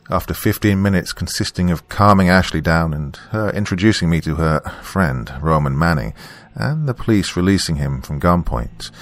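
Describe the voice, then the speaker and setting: Deep-voiced man narrating a dramatic story. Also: fairly bright tone. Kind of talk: scripted narration of a first-person story. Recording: faint background music.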